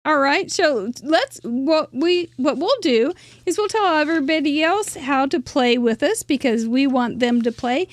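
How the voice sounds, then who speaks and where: Bubbly, high-voiced woman hosting a craft show. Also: dry recording. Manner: bubbly and chatty, laughs often, stumbles over names. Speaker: host of a live crafting show. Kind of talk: live-stream show hosting.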